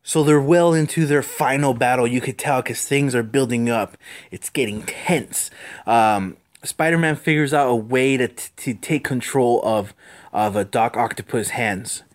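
A man's voice: mid-range voice, a little slow. A man casually reading a comic aloud, often stumbling, repeating words and restarting. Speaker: comic book reader.

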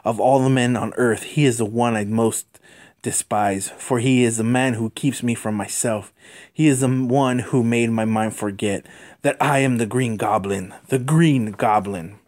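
Guy reading as a brooding unhinged villain, slow and mid-pitched, comic book voice. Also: fairly even intonation, a little mellow, lightly acted. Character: scheming unhinged male villain, Green Goblin.

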